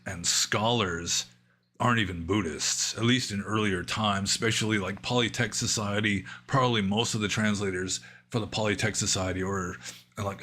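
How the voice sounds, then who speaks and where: A man answering viewer questions on a livestream, thinking aloud in a casual, rambling way with pauses and asides. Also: fairly low pitch, sharp tone. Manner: musing, thinking aloud with fillers and trailing asides. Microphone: livestream microphone.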